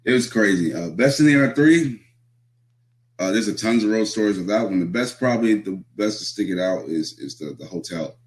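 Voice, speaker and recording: A young man with a deep, low voice tells road stories in a loose, laid-back way. He swears freely and laughs as he talks, like a guest chatting on a podcast. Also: animated, brisk. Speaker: pro wrestler guest. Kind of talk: casual storytelling.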